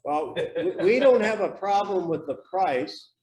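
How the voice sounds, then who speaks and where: A man's voice: high voice, lively intonation, unhurried, a little mellow. Guy coaching a room of agents, blunt and pushy, echoey and a bit far off. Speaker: real estate sales coach. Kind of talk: live training seminar, running role-plays. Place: training room with a group.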